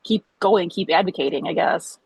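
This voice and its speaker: A woman talking in a candid podcast conversation, telling stories in an animated way, acting out quotes and swearing. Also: fairly low pitch, moderate pace, vocal fry, husky, no echo, rough recording.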